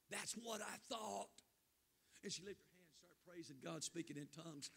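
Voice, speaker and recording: A man's voice: a little high, expressive, moderate pace, vocal fry, pauses often, fairly bright tone, husky, long reverb tail. An older man preaching a revival sermon, telling a story with fervent emotion, his voice catching and stretching out phrases. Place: church sanctuary.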